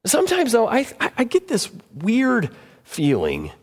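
A man preaching a sermon as pastor, animated, acting out quoted voices with big jumps in pitch. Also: measured pace. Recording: long hall reverb.

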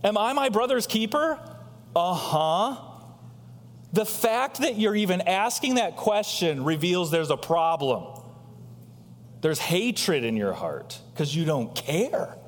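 Animated male preacher in a hall. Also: a little slow. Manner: animated preaching with rhetorical questions and big swings in pitch. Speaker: pastor. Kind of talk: sermon.

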